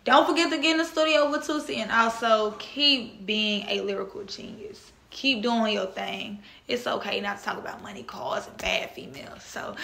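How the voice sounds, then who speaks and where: A young woman from Texas tells a story straight to camera in a casual, lively way, her voice bright and a little high. She acts out the people she quotes. The room around her is echoey. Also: creaky. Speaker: vlog host and author.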